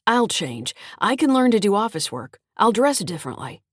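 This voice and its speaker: A woman's voice: medium pitch, sing-song, normal speed, no room sound, clean studio sound, voice pushed up. A woman voicing a sullen, bitter grown child in an audiobook, sulky and sarcastic. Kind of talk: audiobook character reading.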